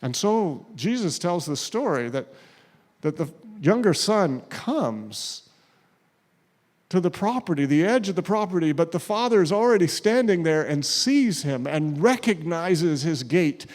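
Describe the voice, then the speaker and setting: A man preaching in an unhurried, drawn-out way with a fairly high voice. He tells the story with acted-out quotes and lets his voice fall almost to a whisper on key lines. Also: lively intonation, a little mellow. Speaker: pastor. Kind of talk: sermon.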